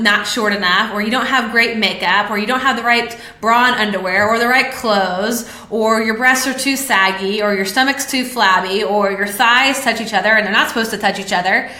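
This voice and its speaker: A woman's voice: a little high, normal speed, sharp tone, reverberant. A woman hosting a live-streamed talk, speaking candidly and confessionally to her viewers, with plenty of fillers. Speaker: podcast host. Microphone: webcam or phone on a live stream.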